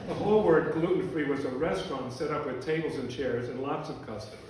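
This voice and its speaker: A man reading a humorous account to a live audience in a dry, deadpan way. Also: a little high, a little fast, slight background noise. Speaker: storyteller. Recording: echoey room from a distance.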